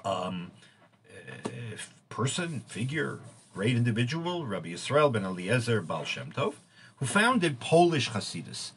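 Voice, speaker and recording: A man giving an informal lecture, halting often with fillers and restarts as he explains. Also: mid-range voice, sing-song, a bit bright, a little hiss or hum. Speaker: teacher.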